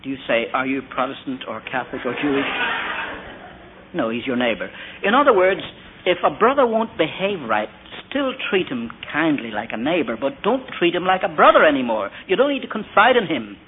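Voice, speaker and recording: A man's voice: on the high side, huge pitch swings, a little fast, a little hiss or hum. A man preaching a sermon, telling stories and asking rhetorical questions. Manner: storytelling with quoted asides and rhetorical questions. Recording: tinny phone-like old recording.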